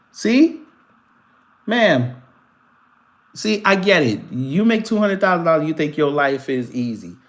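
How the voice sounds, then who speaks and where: Animated, laughing man with a higher voice. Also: slow, pauses often. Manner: animated, profane, laughs often, talks straight to viewers. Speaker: commentary channel host. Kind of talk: live commentary reading news and answering chat.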